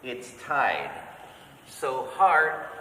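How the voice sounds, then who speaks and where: A man's voice: medium pitch, huge pitch swings, extremely slow, pushed and bright, a little hiss or hum. A man teaching a note-reading class in a church, patiently counting beats aloud and checking that everyone follows. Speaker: music teacher. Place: church hall. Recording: echoey church hall from far off.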